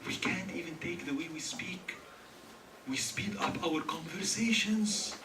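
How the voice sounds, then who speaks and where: A man's voice: high-pitched, measured pace. A man from Egypt giving a humorous religious talk to a live audience, joking and quizzing listeners with questions. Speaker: speaker at a student religious gathering. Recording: echoey hall, mic far off, faint hiss.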